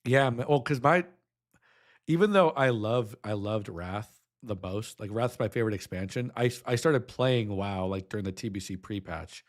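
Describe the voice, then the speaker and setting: A man's voice: on the low side, moderate pace. A young adult man streaming, reacting with emotion, choked up and nostalgic, humming a melody now and then.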